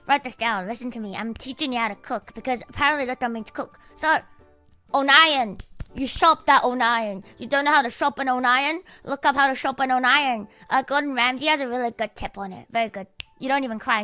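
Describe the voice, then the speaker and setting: A young Australian woman talks on her livestream with a high, bright, cute voice, rambling and cursing nonstop. Her voice is slightly high for a woman and sits close to the mic in a dry room, with faint music underneath. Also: dry recording. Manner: sweary, rambling, laughs often. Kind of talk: casual livestream chat.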